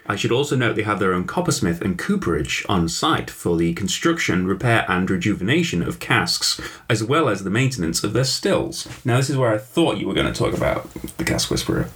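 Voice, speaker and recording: A man's voice: on the low side, sing-song, a little fast, fairly bright tone. A man hosting a casual podcast, presenting researched facts with dry, teasing asides. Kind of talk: casual chat.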